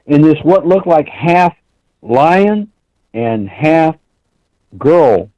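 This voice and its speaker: A man with a higher-pitched voice calls in to a talk show and tells a long story bluntly, swearing a lot and drawing out his words. He's animated and acts out the quoted dialogue, and the recording sounds dry and dull.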